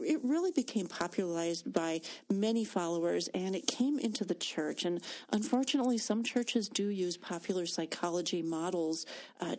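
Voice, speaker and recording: Lady on a christian talk show, kinda low voice, earnest, lots of um and you know. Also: a little mellow. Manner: earnest, storytelling, frequent fillers. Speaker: Christian women's ministry speaker. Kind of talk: faith talk show conversation.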